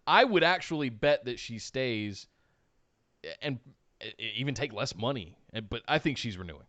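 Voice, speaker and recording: A man's voice: mid-range voice, lively intonation, moderate pace, sharp tone, dry recording. A man hosting a casual wrestling podcast, laid-back with dry humor. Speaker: podcast host.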